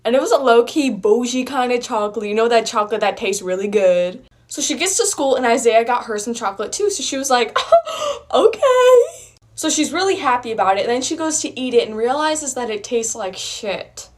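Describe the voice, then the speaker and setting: A woman tells a funny story in a chatty, animated way. Her voice sits a little high. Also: a little fast, few pauses. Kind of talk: casual storytelling.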